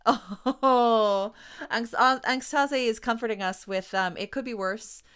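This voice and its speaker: A woman's voice: on the high side, moderate pace, pushed and bright, clean tone. A woman with a Canadian accent hosting a livestreamed book launch, chatting casually, laughing and apologizing over technical trouble.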